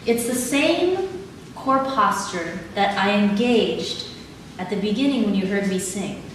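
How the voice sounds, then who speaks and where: A woman leading a live audience through body exercises in a calm, instructive way, laughing easily. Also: mid-range voice, unhurried. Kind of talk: live talk with guided exercises. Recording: echoey hall, mic at a distance, audible background noise.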